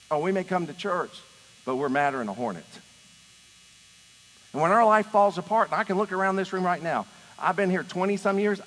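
Middle-aged male pastor, sermon delivery, moves between loud emphatic preaching and hushed storytelling, slightly high voice, long church reverb. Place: church sanctuary.

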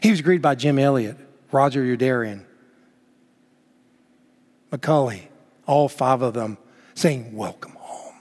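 A man preaching a sermon emphatically, swinging between loud exclamations and hushed words. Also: medium pitch, measured pace, pauses often. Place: church sanctuary. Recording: long reverb of a church hall.

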